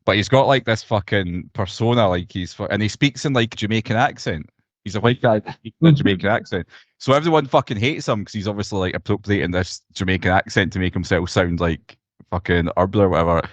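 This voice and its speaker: A man's voice: fairly low pitch, fast, dry recording. A young Scottish man co-hosting a casual podcast chat, blunt and sweary, ranting with animation over a video call. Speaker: podcast co-host.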